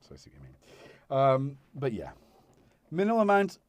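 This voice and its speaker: A man's voice: mid-range voice, huge pitch swings, moderate pace. A man hosting a live stream as he repairs a synthesizer, chatting casually and muttering to himself mid-task with self-deprecating asides. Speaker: livestream host repairing a synth. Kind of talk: casual live-stream chat while working. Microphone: wireless mic that drops out of range.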